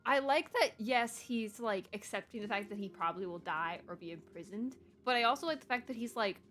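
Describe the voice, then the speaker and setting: An excitable young woman streams her reaction to a game story. She talks casually and gushes freely, in a mid-pitched voice. Faint game music sits behind her. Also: brisk, hardly any pauses. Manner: excitable, exclaiming, gushing.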